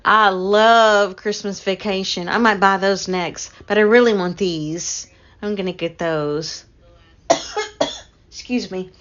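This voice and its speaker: A woman's voice: medium pitch, slow pace, fairly bright tone. A middle-aged woman chats away to her live-stream viewers. She laughs often and talks straight to the chat in a mid-range voice. The stream audio is dull and lo-fi. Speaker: livestream host.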